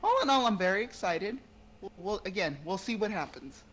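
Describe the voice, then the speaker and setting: Enthusiastic panelist, casual chat, laughs often, middle pitch. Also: lively intonation, fairly quick, a bit bright, a little hiss or hum.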